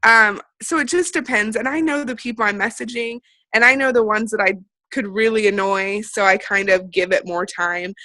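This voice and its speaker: A woman's voice: medium pitch, normal speed, bright, forceful tone, no echo, low-quality recording. A woman from central Illinois, a guest speaker on a video call for a sales team, chatting and acting out the conversations she has had. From central Illinois, USA. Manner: chatty, acts out quoted conversations.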